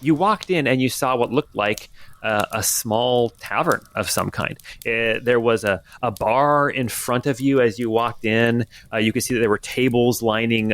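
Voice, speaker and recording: A man's voice: medium pitch, no echo. A man running a tabletop game as game master, narrating casually with many ums. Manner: relaxed, many fillers.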